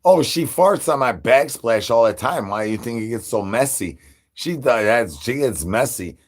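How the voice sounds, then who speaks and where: A man's voice: mid-range voice, expressive, normal speed. A man hosting a livestream, rambling absurd rhyming slang as a brain-hungry zombie persona. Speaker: livestream host. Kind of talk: absurd comedic livestream rant.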